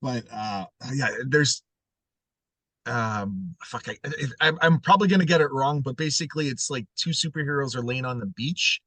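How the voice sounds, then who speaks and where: A man's voice: medium pitch, expressive, moderate pace, fairly bright tone, dry recording. Crude, joking man interviewing. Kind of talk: casual podcast interview.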